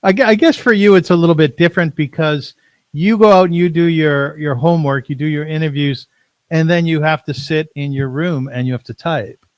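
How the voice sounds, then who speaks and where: A male host asks questions, often stumbling over the first words. His voice sits fairly high. The recording is dry and close. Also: fairly quick, no echo. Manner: hesitant, repeats words when starting questions. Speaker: podcast host. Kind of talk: interview questions.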